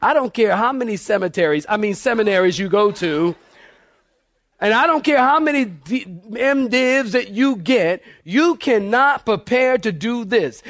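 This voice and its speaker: A man preaching a sermon in church, telling lively stories and acting out the voices of people in them. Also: high-pitched, normal speed, some chatter behind. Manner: animated storyteller, acts out quoted voices. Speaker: pastor. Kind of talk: sermon storytelling.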